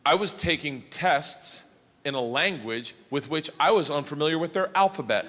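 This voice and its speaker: Man, stand-up comedian, animated storyteller, slightly high voice, long reverb, faint noise. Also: moderate pace. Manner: loud, animated storytelling with shouted punchlines. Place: comedy stage before a live audience. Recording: echoey venue with long reverb.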